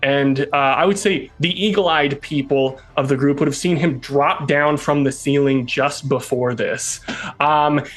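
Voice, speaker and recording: A man narrating a tabletop game as game master, in a halting way with chuckles. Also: mid-range voice, fairly even intonation.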